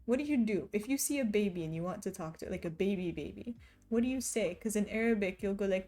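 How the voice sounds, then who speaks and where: A woman's voice: medium pitch, fast, dark tone. A woman streamer chatting casually and reading her chat aloud, often laughing as she talks.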